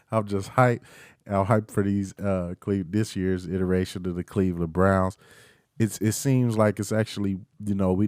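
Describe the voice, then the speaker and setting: Host, young man, lowish voice, dry close sound, excitable and teasing, casual sports rant. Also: no echo. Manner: hyped, playful trash talk with chants. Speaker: podcast host. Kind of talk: casual solo sports talk.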